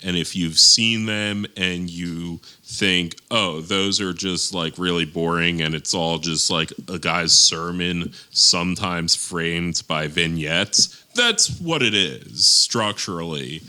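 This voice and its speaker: Bright, clear-voiced podcast co-host man. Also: deep voice. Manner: rambling, laughs often, quick asides. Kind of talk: casual chat.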